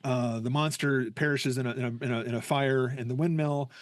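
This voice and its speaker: A man hosting a podcast chats casually and enthusiastically, rambling and often stumbling and restarting. His medium-pitched voice has fairly even intonation and moves a little fast, in a dry recording.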